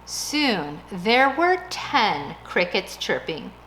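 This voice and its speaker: Woman, bedtime story reader, slow, lively pitch, gentle. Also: slight background noise. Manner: gentle, expressive, sing-song. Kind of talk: reading a picture book aloud to a child.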